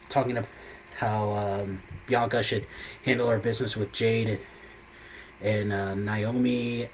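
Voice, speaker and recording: A man's voice: mid-range voice, a little mellow, a little hiss or hum, rough recording. A man hosting a live show who recaps events in a casual, rambling way, full of "you know" and "I mean.".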